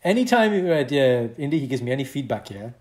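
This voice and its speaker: A man co-hosting a podcast, chatting casually and teasing his friends in lively banter. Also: mid-range voice, fast talker. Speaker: podcast co-host. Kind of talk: casual chat.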